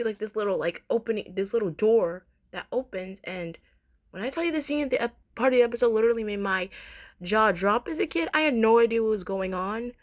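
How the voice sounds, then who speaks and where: Reviewing a cartoon episode, a twenty-something woman with a mid-range voice talks in a casual, excitable way, gushing and saying things more than once.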